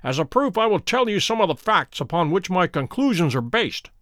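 A man reading a stern, measured detective. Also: sits high, sing-song, a bit bright, dry recording, studio quality. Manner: measured and precise. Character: calm, stern, commanding male detective.

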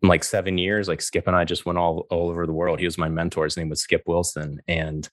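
A middle-aged man with a very low voice tells stories in a relaxed chat, and he acts out every quote. The sound is close and dry, with no room around it. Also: a little fast, no room sound. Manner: animated, acts out quotes, laughs often. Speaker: guest. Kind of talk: casual storytelling interview.

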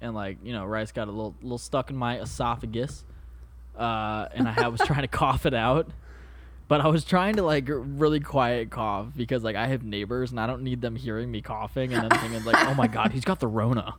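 A man's voice: mid-range voice, fairly even intonation, a little fast, a bit bright. Rambling jokey man on a podcast. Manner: rambling, jokey, swears casually. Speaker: podcast co-host. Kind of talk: casual comedy podcast chat. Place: home apartment. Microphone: podcast microphone.

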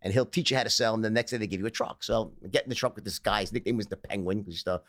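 A man's voice: on the low side, racing. An American man telling stories in a casual interview as the guest, acting out the people in them and laughing often. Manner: lively, animated storyteller who acts out the people in his tales, laughing often.

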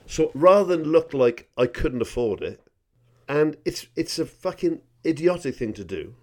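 A Welsh man co-hosting a comedy podcast, telling a story in a casual, animated way, swearing freely and acting out the dialogue. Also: on the high side, normal speed. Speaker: podcast co-host.

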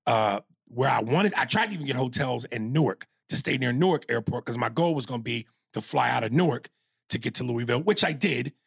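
A man from New York tells a long story on a podcast, cursing freely and slipping into quoted voices. His voice is gravelly with a husky, slightly rough edge. He keeps the story moving in an animated, casual rhythm. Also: medium pitch, a little fast, no room sound. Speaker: podcast co-host.

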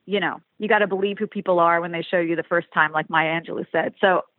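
A woman in her fifties, a touring musician, chatting casually in an interview, rambling warmly with many restarts. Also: on the low side, fairly even intonation, quick pace, dry recording. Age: 50s. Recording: tinny phone-like line, dry.

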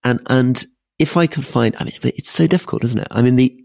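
A man's voice: medium pitch, fast talker, creaky, a little mellow, no room sound, clean studio sound. A man co-hosting a podcast in casual political chat, thoughtful and self-deprecating, often restarting his sentences. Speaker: podcast co-host.

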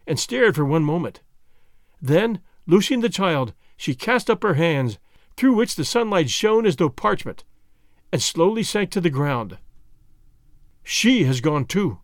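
A man reading a first-person adventure story aloud with an expressive, dramatic delivery. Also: on the high side, no room sound, studio quality. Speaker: audiobook reader.

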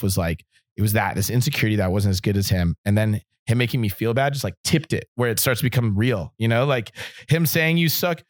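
Fast-talking man telling stories, dry sound. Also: mid-range voice, no echo. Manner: rambling, filler-heavy, acts out quotes. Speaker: interview guest. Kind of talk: casual storytelling interview.

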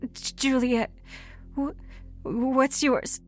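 A woman's voice: high-pitched, fairly even intonation, extremely slow, soft background music, full character voice. A woman playing a dying, stammering crash victim. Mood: faint, apologetic. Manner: weak, stammering and breathless. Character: dying young woman trapped in a wreck, terrified.

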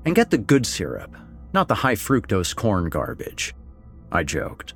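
A middle-aged man narrating a first-person story, expressive and wry, voicing the dialogue. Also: lowish voice, a little slow. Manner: expressive, swings between wry and somber. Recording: faint background music.

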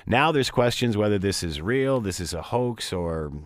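Guy hosting talk radio, lowish voice, dry close mic, chatty with some uhs. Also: lively intonation, normal speed, dry recording. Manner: conversational, with fillers and restarts. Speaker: radio talk show host.

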